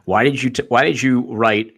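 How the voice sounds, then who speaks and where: A male commentator talks through a livestream in a loose, rambling way, full of sarcasm. His voice sits at an ordinary middle pitch. He keeps slipping into mocking put-on voices. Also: steady tone, normal speed, a bit bright, husky. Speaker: political commentator.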